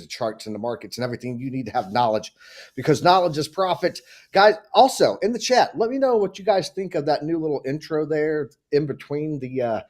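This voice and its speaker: A man's voice: mid-range voice, darkish tone. A man hosting a live market and crypto stream, talking casually with hyped-up greetings. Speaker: show host.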